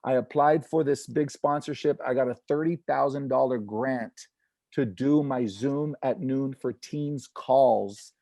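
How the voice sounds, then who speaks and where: A man who is an inspirational speaker and comedian, giving an energetic, earnest motivational talk on a video call and bringing quoted people to life with animated voices. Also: mid-range voice, normal speed, no echo.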